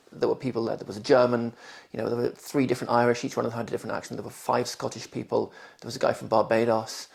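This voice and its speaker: A gravelly man in his forties from London, England, with a posh southern English accent, speaks carefully and clearly, his mid-range voice somewhat dark in tone. As an interviewee, he reads test passages and then answers interview questions.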